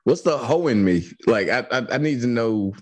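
A man's voice: mid-range voice, expressive. A man with a North Jersey accent co-hosting a podcast, joking and teasing in casual chat. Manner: teasing, joking, quick to laugh. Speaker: podcast co-host.

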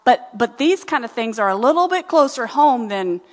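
A woman's voice: on the high side, expressive, moderate pace, long reverb tail. A woman teaching from the Bible, reading verses and word definitions aloud and explaining them in a conversational way.

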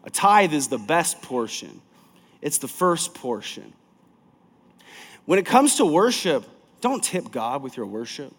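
A man preaching a sermon as pastor of a large church, emphatic and energetic, swinging from loud to soft. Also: on the high side, unhurried, pauses often, long reverb tail.

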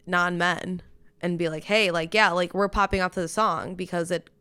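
A woman's voice: lowish voice, fairly even intonation, bright, forceful tone, smooth. A woman on a podcast explaining how she DJs, chatty and full of "like"s. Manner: chatty, quick explanations with many "like"s. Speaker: podcast guest, DJ. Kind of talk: casual podcast chat.

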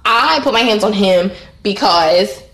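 Woman co-host, mid-pitched, blunt and profane storyteller, roomy echoey recording. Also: expressive, a little slow, fairly bright tone. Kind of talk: casual storytelling chat. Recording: roomy echo.

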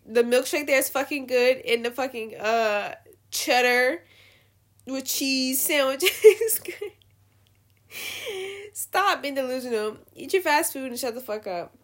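A woman hosting a show, giving blunt, profane opinions in a casual, animated rant. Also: high-pitched, measured pace. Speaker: podcast host.

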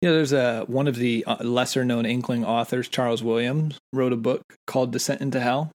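Man, American accent, medium pitch, podcast co-host, earnest, halting restarts. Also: fairly even intonation, darkish tone. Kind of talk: casual podcast chat.

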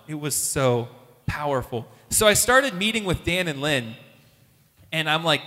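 A man, a youth minister, giving an animated testimony talk and acting out the voices of the people in his story. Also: a little high, a little slow, big-room sound.

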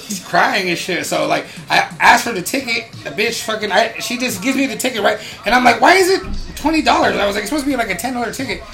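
A man rattles off a story at a fast clip in casual podcast chat, his voice gravelly and swearing as he goes. His pitch sits a bit high for a man, and music plays behind him. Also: pushed and bright. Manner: rambling storyteller, swears a lot. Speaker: podcast co-host.

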